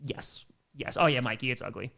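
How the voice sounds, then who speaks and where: A young man hosting a casual live stream, reading viewer messages aloud and reacting in an animated way, swinging between low mumbles and loud excited bursts. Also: a little fast, vocal fry. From American Midwest.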